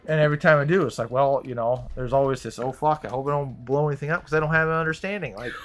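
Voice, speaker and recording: A man's voice: medium pitch, over a noisy crowd. A young man co-hosting a livestream, talking casually with hesitant restarts and swearing. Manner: halting, hedging, swearing. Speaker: livestream co-host. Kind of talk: casual chat.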